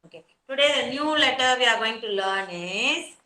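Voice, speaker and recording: A woman teaching young children an online lesson, sounding words out slowly syllable by syllable and praising them. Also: fairly high pitch, expressive, pushed and bright, echoey room. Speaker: kindergarten teacher. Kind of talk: online class teaching Hindi letters.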